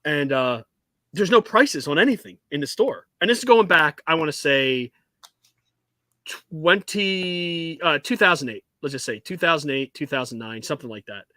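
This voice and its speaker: A man's voice: fairly high pitch, expressive, normal speed, bright, forceful tone, dry recording. A man co-hosting a casual chat, blunt and profane, saying he tells it like it is. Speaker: co-host.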